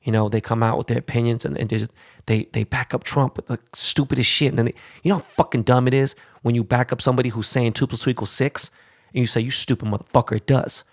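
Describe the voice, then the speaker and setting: Man, podcast host, gravelly voice, dry close sound, heated profane rant. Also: mid-range voice, steady tone, no room sound. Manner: profane, heated, quick asides. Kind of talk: casual ranting monologue.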